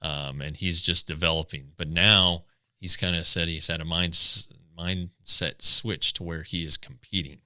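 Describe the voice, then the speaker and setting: A man co-hosting a podcast, chatting casually about a pitcher's numbers, with many halting restarts. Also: fairly even intonation, pushed and bright, no echo. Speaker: podcast co-host. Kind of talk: casual sports chat.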